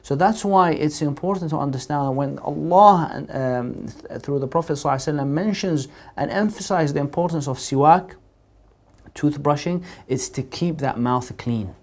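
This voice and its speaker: A man's voice: a little high, normal speed. A man presenting an explanatory religious lesson for a TV series. He talks earnestly, restates each point in several ways and uses frequent "uh" fillers. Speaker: Islamic teacher presenting a TV series.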